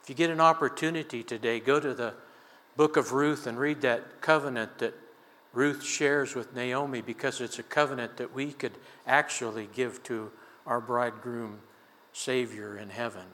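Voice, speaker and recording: An older man delivers a sermon, mixing scripture with a folksy personal story told with easy chuckles. His voice is bright and forceful. The sound rings with the long reverb of a large church sanctuary. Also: medium pitch, fairly even intonation, normal speed. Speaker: preacher.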